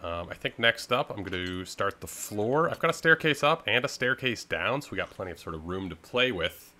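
A man's voice: on the low side, expressive, a little fast, pushed and bright. A young man, rambling easily through casual game commentary with lots of filler words. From Canada. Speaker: gaming video host.

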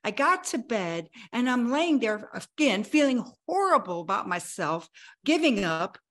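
Lively woman in her sixties telling her story. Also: on the high side, unhurried. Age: 60s. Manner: dramatic storyteller who acts out remembered dialogue. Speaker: guest, health coach. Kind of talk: personal storytelling in a podcast interview.

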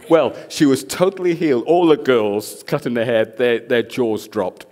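A man preaching a sermon as a guest speaker, an animated storyteller who acts out the people in his stories. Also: mid-range voice, normal speed, few pauses.

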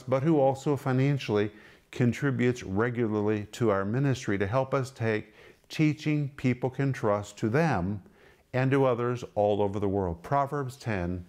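A man's voice: medium pitch, a little mellow. A middle-aged man teaching from the Bible on a broadcast program, emphatic and pressing rhetorical questions.

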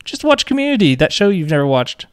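A man's voice: high-pitched, big pitch swings, quick pace, smooth, no room sound. A man in his thirties co-hosting a podcast, chatting casually with dry, teasing banter. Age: 30s. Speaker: podcast co-host. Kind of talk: casual chat.

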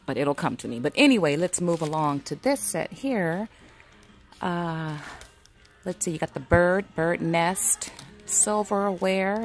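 A middle-aged woman vlogging from a store aisle, chatting casually and reading product labels aloud to herself. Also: medium pitch. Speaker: craft vlogger browsing a store. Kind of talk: casual shopping walkthrough. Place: indoor retail store aisle.

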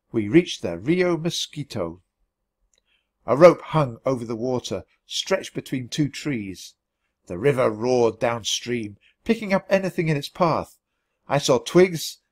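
A man reading a children's storybook aloud for learners, in an expressive, animated way. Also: a little high. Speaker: storybook reader.

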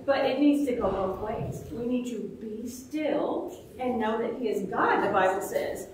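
A woman's voice: high voice, normal speed, hardly any pauses, a little hiss or hum. A woman teaching a children's Bible lesson, asking the kids questions and acting out little prayers in playful voices. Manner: lively, asks questions, acts out little prayers. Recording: echoey room, mic far off.

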